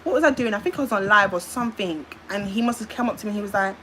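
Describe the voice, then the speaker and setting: A woman's voice: mid-range voice, fast talker, hardly any pauses, a bit bright, slight background noise, low-quality recording. A young British woman from the UK telling a long, rambling story on a livestream, speaking into her phone and filling gaps with repeated filler sounds. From United Kingdom.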